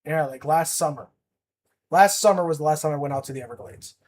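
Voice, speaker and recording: A man's voice: on the high side, fairly quick. A young man chatting casually on a livestream as an art streamer, rambling with lots of fillers and restarts.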